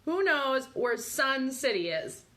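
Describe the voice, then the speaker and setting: High, bright-voiced giggly woman host. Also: sing-song, slow. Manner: giggly, breaks into helpless laughing fits; chatty, quizzing listeners. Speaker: podcast host. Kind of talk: live quiz show chat.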